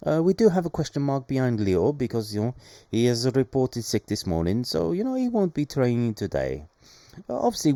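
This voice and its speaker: A man's voice: lowish voice, dark tone, no room sound. A man putting on a Swedish-accented football boss. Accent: Swedish, put on. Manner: halting, fills pauses with "you know". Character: male football manager, mock Swedish accent. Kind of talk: reading out a quote in a put-on voice.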